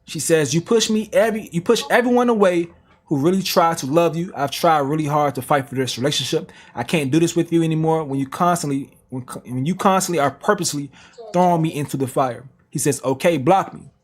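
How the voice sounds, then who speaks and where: A man's voice: on the high side, a little fast, slightly rough. A man reading text messages aloud on a reaction stream, with slangy asides. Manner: plain reading broken by slang asides and laughs.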